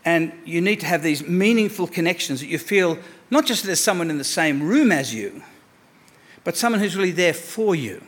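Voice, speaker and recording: A man preaching a sermon to his church, emphatic, repeating words for stress and moving between soft asides and raised declarations. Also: on the high side, animated, moderate pace. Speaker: pastor.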